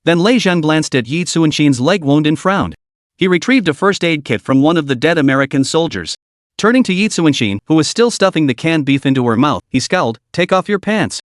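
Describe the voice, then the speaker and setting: A man's voice: a little high, expressive, a little fast, no echo, clean studio sound. A man narrating a comic recap with dramatic storytelling.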